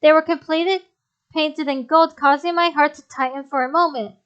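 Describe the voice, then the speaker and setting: A woman's voice: high voice, steady tone, normal speed, fairly bright tone, highs cut off. A woman reading a visual novel's text aloud, stumbling over words and breaking off to comment.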